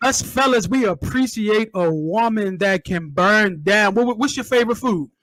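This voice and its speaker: High-voiced enthusiastic male host. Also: expressive, moderate pace, fairly bright tone, dry recording. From Maryland. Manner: enthusiastic, repeats words when starting questions. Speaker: interview host. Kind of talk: casual interview chat.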